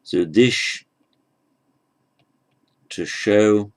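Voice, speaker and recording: A man teaching Sanskrit grammar in an unhurried lecture, patient and halting, often restarting his phrases. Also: lowish voice, lively intonation, creaky.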